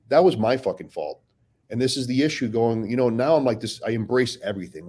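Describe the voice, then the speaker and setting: A man in the middle pitch range of men, speaking as a podcast guest. He talks bluntly and swears freely. His storytelling is animated, with frequent restarts. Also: fast talker. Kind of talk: casual podcast talk.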